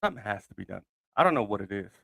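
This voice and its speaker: A man's voice: on the low side, sing-song, very fast, gravelly, pushed and bright, husky, no room sound. A man hosting his own sports podcast, talking loosely and thinking aloud with many fillers and restarts. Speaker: podcast host. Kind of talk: casual solo sports commentary.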